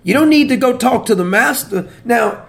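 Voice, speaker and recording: A man preaching with a high voice. His talk is conversational and teasing. He keeps asking his listeners questions and chuckles at his own points. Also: lively intonation, moderate pace, vocal fry, a bit bright. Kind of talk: sermon.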